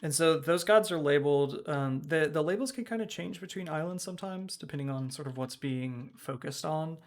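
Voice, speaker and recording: A man's voice: on the high side, moderate pace. A man running a tabletop game as game master, describing scenes with frequent ums and hedging words. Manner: hesitant, many ums.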